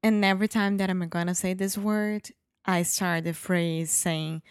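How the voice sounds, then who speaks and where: A Portuguese woman, a native Portuguese speaker, co-hosting a podcast and chatting slowly with easy laughter in English. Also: on the low side, fairly even intonation, clear, resonant tone, dry recording, clean studio sound. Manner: slow, laughs easily, hesitant. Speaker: podcast co-host. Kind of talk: casual conversational chat.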